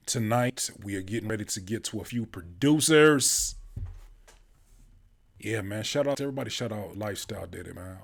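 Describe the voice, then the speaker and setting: A man hosting a casual livestream, hoarse from a cold, chatting easily with viewers and laughing often. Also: fairly low pitch. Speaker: host, rapper and music producer.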